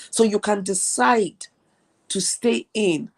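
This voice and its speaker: A woman's voice: fairly low pitch, normal speed, gravelly, darkish tone, slightly rough. A woman from Nigeria hosting a live stream, giving an earnest motivational talk and repeating key phrases for emphasis. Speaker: host.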